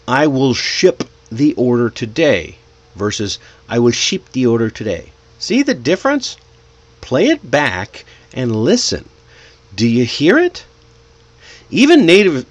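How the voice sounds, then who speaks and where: A man's voice: medium pitch, fairly bright tone. A man teaching English pronunciation as a native speaker. He explains with energy and encouragement and draws out the example words to demonstrate them. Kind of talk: teaching lesson.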